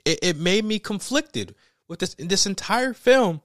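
A young man giving a casual, animated spoken film review, emphatic and slangy, swearing freely. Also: high-pitched, measured pace, no room sound, studio quality.

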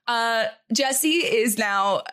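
A woman co-hosting a podcast, chatting casually and sympathetically about a reality show, with quick asides. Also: on the high side, a bit bright. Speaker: podcast co-host. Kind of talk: casual recap chat.

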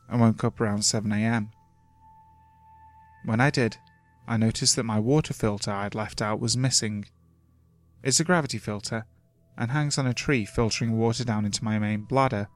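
Man, mid pitch, steady horror narration, measured storytelling, soft music behind. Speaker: creepypasta narrator. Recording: faint music underneath.

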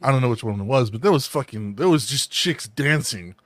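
A man's voice: medium pitch, lively intonation, brisk, fairly bright tone. A man from the US South co-hosting a podcast, laid-back and joking, swearing casually. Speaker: podcast co-host. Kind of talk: casual chat.

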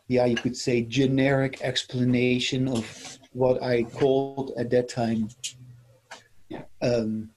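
A man's voice: medium pitch, a little mellow, slight background noise. A middle-aged man from the Netherlands, talking in a reflective interview, musing and repeating his phrases. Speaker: interview guest, former seminar leader.

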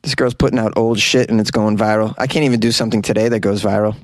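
A man hosting a comedy news podcast, joking around in an animated way and laughing at his own jokes. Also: lowish voice, fast, dry recording. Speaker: podcast host.

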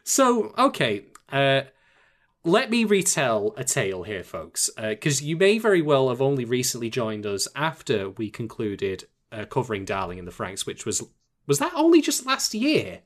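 Male podcast co-host, tipsy, rambling, self-mocking, very lively pitch. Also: normal speed. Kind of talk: casual podcast chat.

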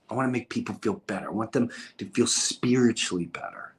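A man in his fifties from New York, a podcast host chatting casually and telling stories in a rambling, animated way. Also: on the low side, a little fast, breathy edge. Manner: rambling, animated storytelling with restarts. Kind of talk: casual chat.

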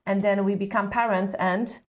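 A woman's voice: mid-range voice, steady tone, normal speed. A middle-aged woman speaking as a parenting expert guest in an earnest, conversational coaching manner, often checking in with "correct?" and "right?".

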